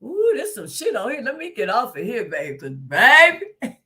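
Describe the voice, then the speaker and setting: A woman hosting a live stream in casual chat, loud and exclaiming, laughing and swearing often. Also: on the high side, wildly swooping pitch, normal speed. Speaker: livestream host.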